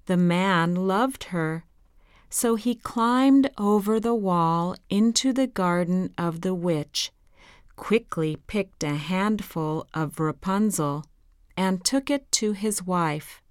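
A woman reading a children's fairy tale aloud in a slow, careful, gentle way. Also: on the low side, smooth, no echo, clean studio sound. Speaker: storyteller.

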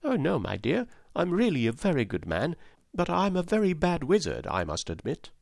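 A man's voice: a little high, huge pitch swings, normal speed, gravelly, darkish tone, no echo, clean studio sound, voice pushed up, heavily acted. Oz, a man doing a rueful humbug wizard. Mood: reassuring. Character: humble old humbug wizard, gentle and apologetic.

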